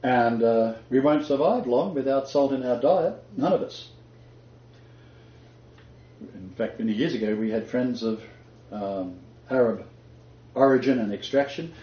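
An older Australian Christian teacher gives an emphatic, conversational sermon-style talk, quoting scripture and chuckling now and then. His medium-pitched voice moves at a measured pace with long pauses, recorded in an echoey room with dull lo-fi sound.

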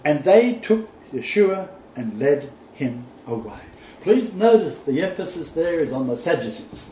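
A man preaching a sermon, reading scripture aloud and stressing key points with deliberate emphasis. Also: a little high, very animated, dark tone, slight background noise. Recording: distant mic, roomy echo, dull sound.

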